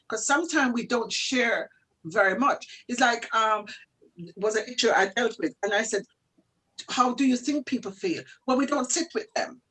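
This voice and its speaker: Husky-voiced woman speaking earnestly. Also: on the high side, fairly bright tone, low-quality recording. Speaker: guest speaker. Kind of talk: webinar talk. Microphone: video call.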